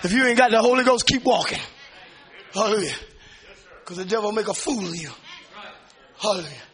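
A man preaching a fervent sermon, shouting and calling out hallelujah between lines, then dropping low to tell a story. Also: lively intonation, brisk.

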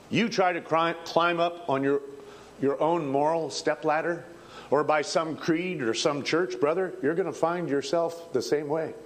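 On an old archival recording, a man with a highish voice preaches a revival sermon, folksy and fervent, building up to shouts.

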